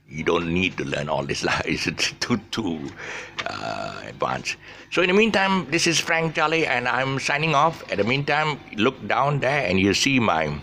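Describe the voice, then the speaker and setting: Deep, bright-toned Malaysian man teaching. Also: creaky, slight background noise. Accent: Malaysian English. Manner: rambling, many restarts and tangents; drawls out long words slowly. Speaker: English teacher, channel host. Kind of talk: casual spoken lesson.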